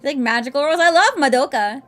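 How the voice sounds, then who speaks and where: A woman's voice: high-pitched, lively intonation, fast, fairly bright tone, faint music behind. A young woman streaming a game, chatting casually with her viewers, rambling and laughing often as she answers chat.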